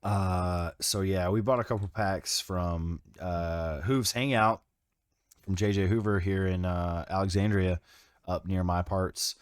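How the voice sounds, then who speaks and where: A man's voice: deep voice, steady tone, a little slow, clean tone, dry recording. A man co-hosting a livestreamed podcast, talking in a playful, slangy, teasing way. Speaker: podcast co-host. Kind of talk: casual livestream chat.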